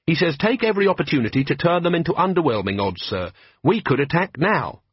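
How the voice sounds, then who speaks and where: A man's voice: a little high, big pitch swings, quick pace, breathy edge, no room sound, dull audio, pitched above the performer's own voice. A man voicing an eager, earnest young guardsman who speaks politely and keeps adding sir.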